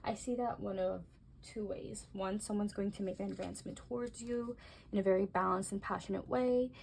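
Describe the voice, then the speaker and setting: A young woman doing a casual tarot reading, talking gently and musing aloud, with soft exclamations as she turns the cards. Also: medium pitch, steady tone, a little fast, creaky, slight background noise. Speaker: tarot reader.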